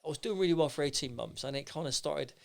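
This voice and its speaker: A middle-aged man, a podcast guest, telling stories in a lively, rambling way with many restarts. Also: on the high side, fast, gravelly. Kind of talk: anecdotal storytelling in casual chat.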